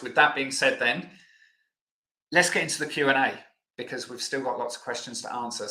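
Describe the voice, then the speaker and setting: A man's voice: mid-range voice, pushed and bright, reverberant. A man hosting a live online Q&A lesson, chatty and loose, with plenty of fillers. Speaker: health educator host.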